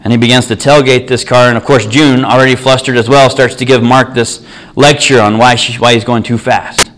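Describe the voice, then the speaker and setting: A man's voice: mid-range voice, steady tone, fairly quick, fairly bright tone, poor audio. A man preaching a sermon, telling an everyday story in an earnest, conversational way.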